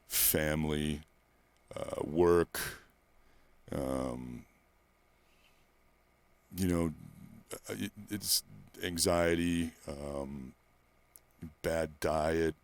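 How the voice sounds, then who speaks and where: A male personal trainer in a candid interview, talking bluntly and profanely and rambling through stories, close to the microphone in a quiet room. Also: rumbling low, steady tone, extremely slow, long pauses, clean tone, no echo.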